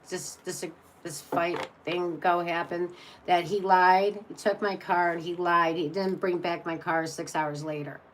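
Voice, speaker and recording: A woman's voice: on the low side, a little hiss or hum, rough recording. Blunt, rambling woman tarot reader. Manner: blunt, exasperated, rambling with many restarts. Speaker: tarot reader on a live stream. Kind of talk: casual live-stream chat.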